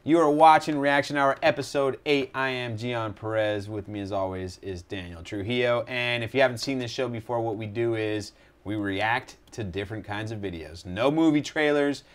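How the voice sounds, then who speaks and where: A man's voice: lowish voice, normal speed. A man hosting a video reaction show, introducing it in a laid-back, casual way and swearing freely. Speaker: show host.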